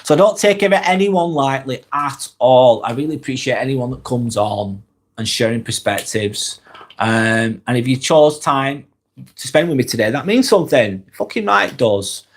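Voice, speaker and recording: A man with a Lancashire accent, hosting a casual live stream while he has a head cold, talking in a relaxed, earnest way and reading viewers' comments aloud. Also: medium pitch, moderate pace. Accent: Lancashire English. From Lancashire, England. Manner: relaxed, earnest, rambling with fillers and sighs.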